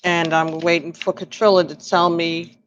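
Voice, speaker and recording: A woman's voice: on the low side, little pitch movement, moderate pace, lo-fi sound, slight background noise. A tired woman casually reading tarot cards on a live stream, chatting with viewers by name and laughing often. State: tired, yawning.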